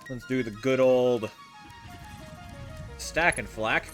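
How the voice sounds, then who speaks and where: A man's voice: mid-range voice, takes it slowly, fairly bright tone. A man streaming a building game, muttering casual commentary with swearing and self-deprecating asides. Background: game music.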